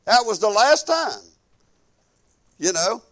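A man preaches in church with a notably high voice. His delivery is folksy and fervent, swinging from loud proclaiming down to quiet, reflective asides. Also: big pitch swings, takes it slowly. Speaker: pastor. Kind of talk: sermon.

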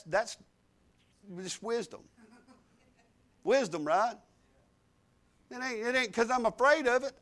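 Older preacher guy, real high voice for a man, folksy stories, goes from quiet asides to loud. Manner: folksy storytelling, swings from quiet asides to loud emphatic declarations. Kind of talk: sermon.

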